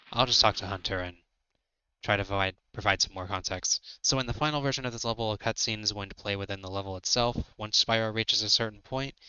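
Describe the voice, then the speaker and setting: Thirties male streamer, low and bright, loose rambling commentary. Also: clean tone, no echo, dull audio. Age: 30s. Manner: relaxed, rambling, with fillers. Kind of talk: casual gameplay livestream commentary.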